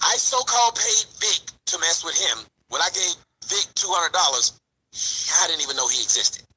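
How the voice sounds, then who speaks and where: A man's voice: a little high, expressive, moderate pace, bright, forceful tone, breathy edge, low-quality recording. A man ranting to his viewers in a heated, profane, mocking way, speaking straight to the audience. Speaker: commentary vlogger. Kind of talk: ranting commentary.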